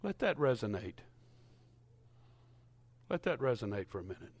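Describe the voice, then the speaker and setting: A man preaching a sermon in a church, telling stories and at times rising to loud, impassioned shouting. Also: mid-range voice, very animated, moderate pace, husky. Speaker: pastor.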